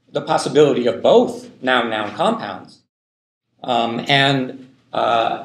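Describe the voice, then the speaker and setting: A man lectures a university class in linguistics, talking loosely and checking in with "right?" every few lines. His voice has a gravelly edge. The sound is roomy, as if captured in a reverberant lecture hall. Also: medium pitch. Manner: loose, thinking aloud, many fillers and "right?" checks.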